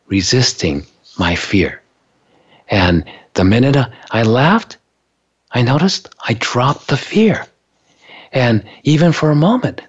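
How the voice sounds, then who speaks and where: A man telling a story in a casual, animated way, acting out what people said and laughing along. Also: mid-range voice, husky, highs cut off. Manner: animated, acts out quoted voices, laughs while telling.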